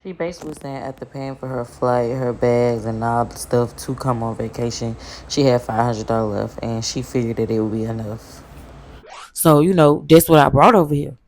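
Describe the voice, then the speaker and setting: A woman's voice: rumbling low, moderate pace, darkish tone, a little hiss or hum. Rambling woman telling a story. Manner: loose, rambling, slangy with many fillers. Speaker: vlogger telling a travel story. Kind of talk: casual storytime monologue.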